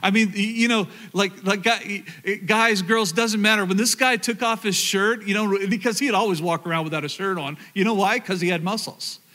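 A man's voice: sits high, fairly even intonation, moderate pace, hardly any pauses, pushed and bright. A man from rural Oklahoma with a Southern accent, preaching a sermon through personal stories, earnest and repeating words as he talks to the crowd. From rural Oklahoma, USA. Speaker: pastor. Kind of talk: storytelling sermon.

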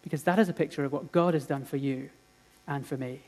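Earnest preacher with dramatic hushes. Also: male voice, a little high, steady tone, quick pace. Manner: earnest dramatic storytelling with swings between loud and hushed. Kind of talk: sermon.

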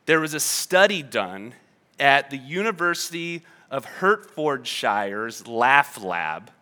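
A man's voice: medium pitch, big pitch swings, takes it slowly, bright, forceful tone. A man preaching a sermon in a conversational, emphatic manner, with playful asides to the congregation. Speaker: pastor.

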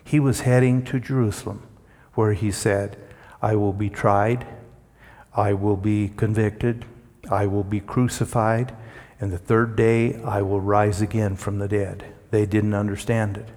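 A man's voice: on the low side, flat delivery, a little slow, a little mellow, in a large hall. A man preaching a sermon with an emphatic delivery that swells dramatically and drops to near-whispers.

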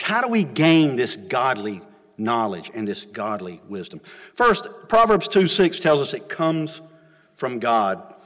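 A middle-aged pastor, preaching a sermon in a folksy storytelling way that swings between loud and soft. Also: male voice, on the high side, in a large hall. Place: church sanctuary.

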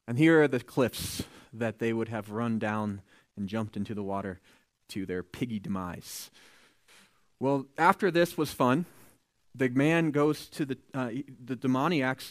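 A man preaching a sermon, retelling scripture with lively storytelling, acting out the quoted voices and adding joking asides. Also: medium pitch, dry recording, clean studio sound. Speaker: pastor.

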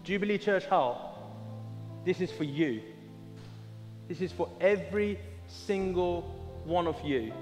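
A man preaching a sermon in a church hall, earnest and halting, often restarting his words. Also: sits high, expressive. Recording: reverberant church hall with soft music.

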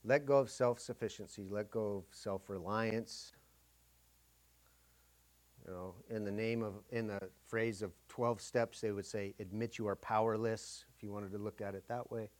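A middle-aged pastor preaching a conversational sermon, often acting out inner dialogue. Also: male voice, fairly low pitch, steady tone, normal speed.

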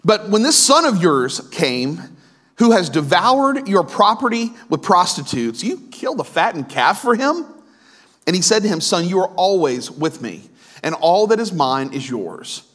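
Lively-pitched male pastor preaching. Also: measured pace. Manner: conversational preaching with frequent asides and restarts. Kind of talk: sermon.

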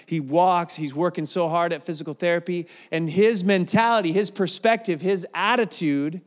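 Middle-aged male testimony speaker, raised pitch, earnest with stumbling restarts, reverberant hall. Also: normal speed. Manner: earnest storytelling with emotional restarts. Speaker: guest speaker at a church service. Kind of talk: personal testimony sermon. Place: large church hall.

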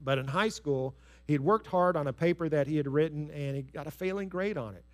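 A man preaching a sermon in an earnest, storytelling way, stressing key phrases and dropping soft on others. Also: on the high side, brisk. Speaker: pastor.

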